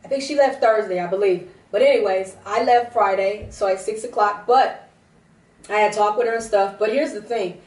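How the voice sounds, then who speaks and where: Speaking at a moderate pace in a mid-range, darkish voice, a prophetess shares a tearful testimony during a broadcast service. She rambles and restarts often, and the recording is roomy and distant from the microphone.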